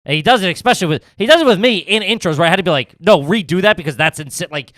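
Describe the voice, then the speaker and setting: A man co-hosting a podcast in loose, profane banter, laughing often. His voice sits fairly high and swings all over the place. The sound is dry and close. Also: racing, dry recording. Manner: animated, swearing, laughs often. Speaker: podcast co-host. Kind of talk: casual banter.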